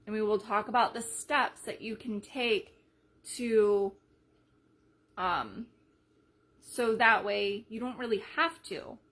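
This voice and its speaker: A woman leading a sales team in a casual live video, chatty and energetic, retelling conversations as she goes. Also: mid-range voice, slow, pauses often. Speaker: team leader.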